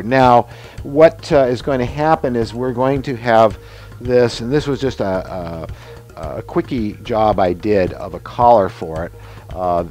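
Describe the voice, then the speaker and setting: A fairly low, darkish male voice belongs to a special-effects mask maker and show host in his sixties. He rambles chattily through a casual workshop demo about his masks and costumes, sprinkling in fillers and asides.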